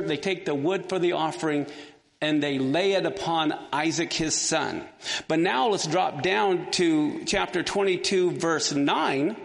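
His voice sits on the high side and sounds gravelly. He's teaching a Bible lesson, guiding the class through a passage and asking them questions, with long hall reverb in the recording.

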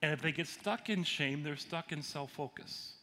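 A man's voice: a little high, unhurried, bright, forceful tone. A man who is a pastor and counselor, teaching a sermon in a conversational way and asking his audience questions. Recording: long hall reverb, faint noise.

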